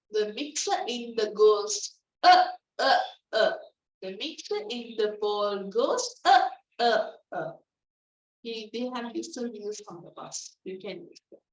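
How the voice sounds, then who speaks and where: Slow, echoey phonics teacher, woman. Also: fairly high pitch. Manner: repeats sounds slowly and emphatically, asks "right?" often. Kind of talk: online phonics lesson. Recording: echoey, distant, dull lo-fi.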